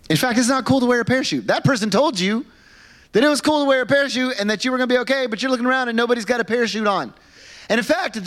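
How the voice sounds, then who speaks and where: A male pastor preaching a sermon in an animated, conversational storytelling manner, with frequent fillers and repeated words. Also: high voice. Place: church.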